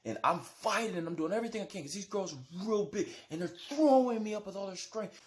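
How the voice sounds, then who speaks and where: A man casually retelling a dream in a rambling, animated way, with lots of "like" and "right?". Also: high voice, fast, heavy background noise. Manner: animated storytelling. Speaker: vlogger.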